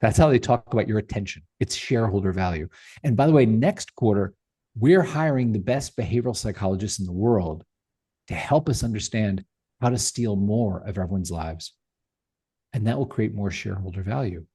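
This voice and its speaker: A man's voice: on the low side, expressive, normal speed, mellow, husky. A middle-aged man speaking as a podcast guest, talking passionately and emphatically with rhetorical questions. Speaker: podcast guest, tech founder. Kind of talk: animated interview talk.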